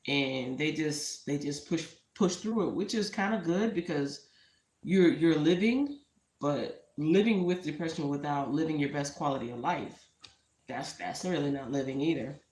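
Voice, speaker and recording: A woman's voice: low voice, moderate pace, a little mellow. A woman with a Texan accent chatting casually and rambling to live viewers about her small online business, speaking into a tablet on a shelf at home. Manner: chatty, rambling, talks to viewers and her cat between thoughts. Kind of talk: casual live-stream chat. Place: home room. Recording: echoey room on a tablet mic.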